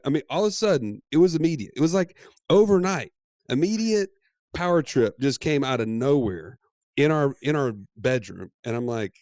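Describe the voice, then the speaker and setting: A man co-hosting a podcast, telling a story in a playful, animated way and laughing often. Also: medium pitch, brisk, dry recording, clean studio sound. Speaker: podcast co-host. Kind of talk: casual storytelling chat.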